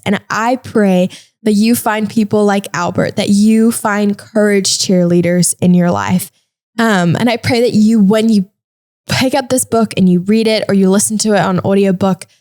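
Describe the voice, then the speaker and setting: A young woman hosting a faith-based podcast, telling a personal story in a chatty, animated way with lots of fillers. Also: medium pitch. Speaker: podcast host.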